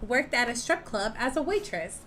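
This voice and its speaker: A young woman with a higher-leaning voice co-hosts a podcast at a moderate pace. In casual chat she tells a story animatedly, acting out what people said and delivering the quotes loudly.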